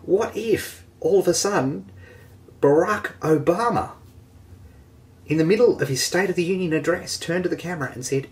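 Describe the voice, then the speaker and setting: A man teaching an online marketing lesson, energetic and jokey, poking fun at himself. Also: on the high side, moderate pace. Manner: energetic, jokey and self-mocking. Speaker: online marketing course host.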